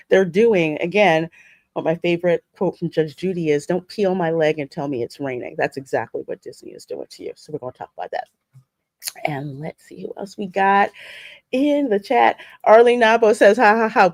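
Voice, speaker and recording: A woman's voice: fairly low pitch, a little mellow, no room sound, studio quality. A woman hosting a live podcast stream, greeting viewers by name in a chatty, effusive way. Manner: chatty, effusive, often laughing. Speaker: livestream podcast host.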